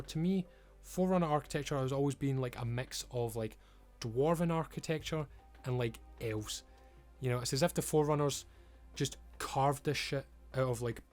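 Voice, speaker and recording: A man's voice: medium pitch, a little mellow. A man giving an emphatic, frustrated rant as a video creator, swearing often. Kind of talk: ranting commentary.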